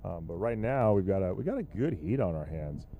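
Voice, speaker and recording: A man's voice: low-pitched, big pitch swings, brisk, narrow, tinny audio. A man commentating live at a surf contest, loose and joking, rambling with lots of fillers.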